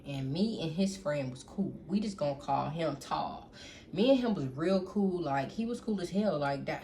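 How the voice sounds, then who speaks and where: A young woman tells a personal story straight to camera in a loose, animated way, cursing freely and calling out to her viewers. A faint noise floor runs under the recording. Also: low-pitched. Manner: animated, profane, keeps addressing the audience as y'all. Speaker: storytime vlogger.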